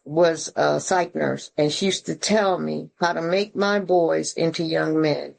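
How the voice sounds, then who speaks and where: With a deep, gravelly, unhurried voice, a woman from Atlanta addresses a recovery meeting over a video call. Her talk is blunt and earthy with a preachy edge, full of folksy slang and swearing.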